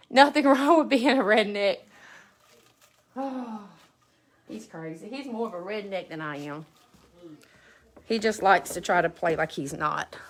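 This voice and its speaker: Southern woman, bright high voice, homey live-stream crafter who chats with viewers by name. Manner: chatty, greets viewers by name, drawling. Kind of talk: casual live-stream chat. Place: at home beside a Christmas tree.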